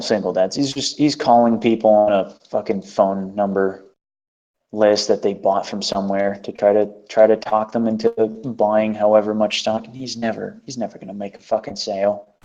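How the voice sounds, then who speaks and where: A man's voice: fairly low pitch, fairly even intonation, normal speed, warm tone. A man hosting a casual chat, telling an exasperated, profane story. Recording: dull lo-fi recording.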